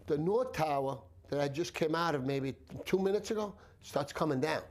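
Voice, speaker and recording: Firefighter, male, documentary interviewee; animated storyteller who acts out voices; low music bed. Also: brisk, hardly any pauses. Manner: vivid storyteller who acts out shouted quotes.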